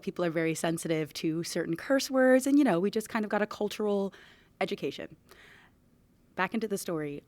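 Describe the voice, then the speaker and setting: A young actress tells a casual, lively anecdote, laughing often as she goes. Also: lowish voice, no room sound. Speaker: actor.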